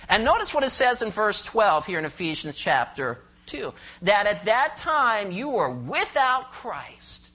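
A pastor preaching a sermon, expressive and questioning the congregation, explaining scripture verse by verse. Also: medium pitch. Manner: explains Greek words and cites verses.

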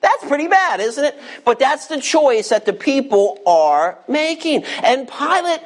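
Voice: high-pitched, sing-song, unhurried. A pastor preaching an expository sermon verse by verse. He speaks emphatically and keeps putting rhetorical questions to the congregation.

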